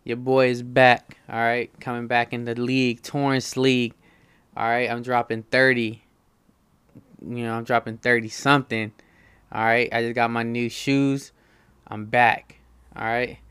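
Unhurried, smooth-voiced man hosting a podcast. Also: medium pitch, flat delivery, a bit bright. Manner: swears freely, keeps checking in with listeners with "all right?". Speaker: podcast host. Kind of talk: solo casual podcast monologue.

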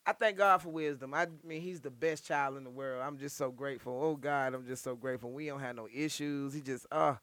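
A middle-aged woman, a guest poet, telling stories in casual podcast chat, animated, blunt and freely profane. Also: a bass voice, brisk, few pauses, no room sound.

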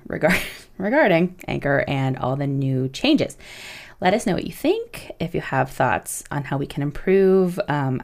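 A woman's voice: sits low, vocal fry, a little mellow. A young woman co-hosting a podcast, chatting casually, swearing freely and laughing often. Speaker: podcast co-host.

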